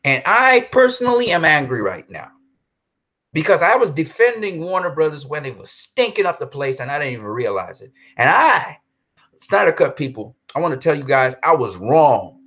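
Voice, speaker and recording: A man's voice: fairly high pitch, sing-song, moderate pace, a bit bright. A man hosting a live stream in a casual, heated way. He repeats himself, talks straight to his viewers and reads out and answers their chat comments. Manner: heated and repetitive, addresses viewers directly.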